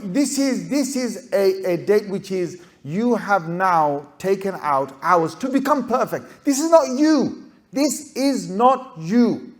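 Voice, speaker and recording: Male speaker, fairly high voice, lively rhetorical talk to students, acts out characters. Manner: animated, rhetorical, keeps asking "right?". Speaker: Islamic scholar addressing students. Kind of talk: lively talk to a youth audience.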